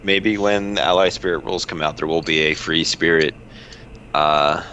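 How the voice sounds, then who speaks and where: A man's voice: a bass voice, level tone, normal speed, bright, forceful tone. A man playing in a tabletop role-play session, hesitant and full of fillers. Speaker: player. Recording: dull lo-fi mic with faint noise.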